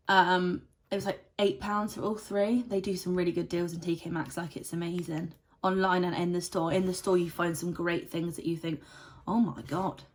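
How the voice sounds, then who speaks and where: Chatty young woman reviewing makeup. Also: on the low side. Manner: chatty and rambling, many "like" fillers. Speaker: beauty vlogger. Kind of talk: casual product review.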